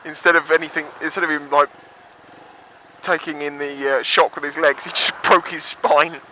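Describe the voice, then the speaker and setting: A man's voice: flat delivery, moderate pace, pushed and bright, rough recording. A young man casually rambling through stories on his motorbike, chatty and sweary, recorded on a helmet mic outdoors. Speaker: motovlogger. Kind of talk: casual storytelling on a bike. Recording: engine rumble behind.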